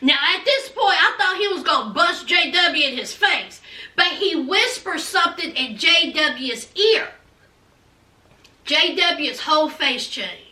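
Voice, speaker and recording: A woman recapping a TV episode in an animated casual chat, chatty and sassy, calling viewers child and honey. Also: high voice, a little slow, recorded from a distance. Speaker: TV recap vlogger. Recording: roomy echo, from off mic.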